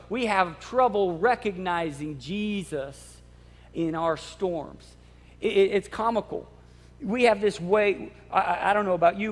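A man preaching a sermon in an emphatic, animated way, often repeating his words. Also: high voice. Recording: long hall reverb.

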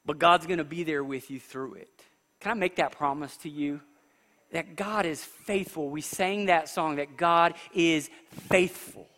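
A male pastor giving a sermon, preaching with animated swings between quiet and loud. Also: normal speed. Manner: animated preaching, rising and falling in pitch and volume. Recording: long reverb of a large hall.

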